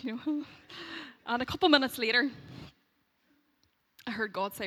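A woman in her thirties from Derry with a Northern Irish accent, telling a personal faith testimony in an animated way, laughing as she goes and acting out the voices she quotes. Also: on the high side, moderate pace, long pauses. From Derry, Northern Ireland. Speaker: speaker sharing a faith testimony.

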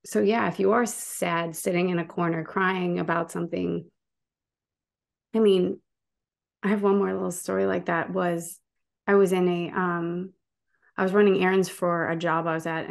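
A woman's voice: on the low side, flat delivery, moderate pace, vocal fry. A woman, a guest activist, talking passionately in a casual interview and telling stories with frequent restarts.

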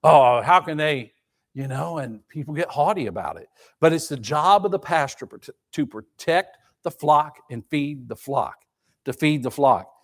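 A man preaches a sermon in a high voice. He is emphatic and repeats himself for effect, asking the congregation rhetorical questions as he goes. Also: lively intonation, moderate pace. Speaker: pastor.

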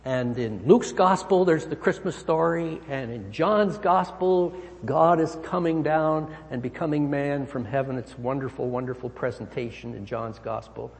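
A man's voice: normal speed, creaky, few pauses. Emphatic male preacher in a reverberant hall. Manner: emphatic, swinging pitch and volume. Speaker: pastor. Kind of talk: sermon.

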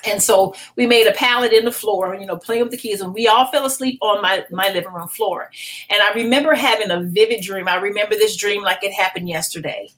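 A middle-aged woman pastor, a podcast guest, telling a personal testimony in an animated, emotional way, often restarting her sentences. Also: medium pitch, a little fast, poor audio.

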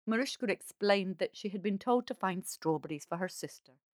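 A woman reading a fairy tale aloud as a calm, measured storyteller. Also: medium pitch, no room sound, studio quality.

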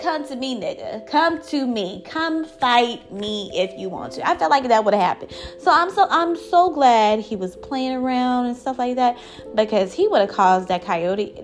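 Young woman, vlogger, casual storytelling, swears a lot, fairly high voice, faint music underneath. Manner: animated, profane, rambling.

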